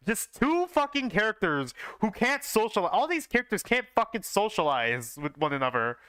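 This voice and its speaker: A man's voice: high voice, sing-song, moderate pace, hardly any pauses, fairly bright tone, smooth, no echo. A young man reads his old fanfiction aloud on a live stream, stumbling over lines and breaking off to swear and mock his own writing. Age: young adult. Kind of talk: live reading with offhand commentary.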